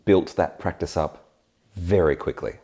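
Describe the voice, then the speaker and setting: A man's voice: deep voice, a little slow, warm tone, breathy edge. A man hosting a podcast, casually chiming in and explaining terms during his wife's story. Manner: chimes in briefly, explains terms. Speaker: podcast host. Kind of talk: casual conversation.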